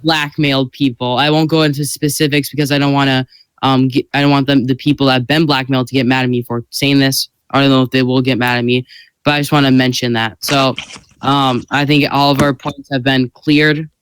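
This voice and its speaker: A man's voice: medium pitch, little pitch movement, fairly quick, slight background noise, rough recording. A man playing a senator in a mock senate debate, argumentative, often laughing and tripping over his words. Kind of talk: role-played parliamentary debate.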